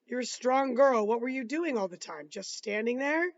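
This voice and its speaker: A man reading aloud, voicing a calm, patient lawyer cross-examining a witness in measured questions. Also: very high voice, dull audio. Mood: probing.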